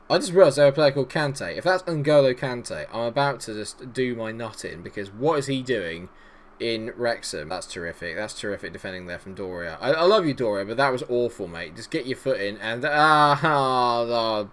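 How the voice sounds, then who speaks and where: A man giving excitable, jokey let's-play commentary, chatting to the players on screen as he goes. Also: medium pitch, moderate pace. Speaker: gaming YouTuber.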